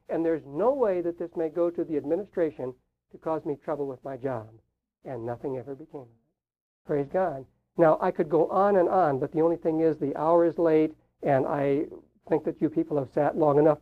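An older man preaching a sermon, telling a personal testimony in a folksy way with soft chuckles. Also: on the high side. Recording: tinny phone-like lo-fi recording.

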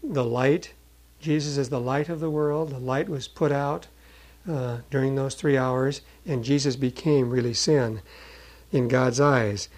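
A man's voice: mid-range voice, fairly even intonation, unhurried, a little mellow, rough recording. A man preaching a sermon, explaining Bible passages earnestly and reading verses aloud with emphasis, with some fillers and restarts.

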